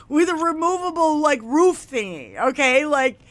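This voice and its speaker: A woman co-hosting a casual podcast chat, swearing freely and laughing loudly as she tells stories. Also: high-pitched, big pitch swings, a little slow. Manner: loud, laughing storyteller, swears often. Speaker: podcast co-host.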